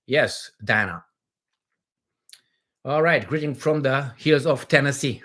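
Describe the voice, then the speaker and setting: A man's voice: fairly high pitch, normal speed, a bit bright. A middle-aged man hosting a casual livestream, rambling and joking as he reads viewer comments aloud, with many fillers and restarts. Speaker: livestream host.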